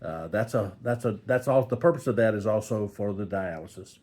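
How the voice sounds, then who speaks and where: Older male vlogger, low husky voice, animated, folksy rambling from a hospital bed. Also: fairly quick. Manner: rambling, folksy, joking asides. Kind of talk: casual talk to camera. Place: hospital room.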